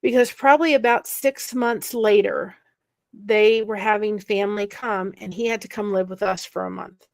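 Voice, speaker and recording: A woman telling a painful personal story in conversation, earnest and emotional, with quick asides. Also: medium pitch, steady tone, vocal fry, darkish tone, dry recording. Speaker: guest sharing a personal story.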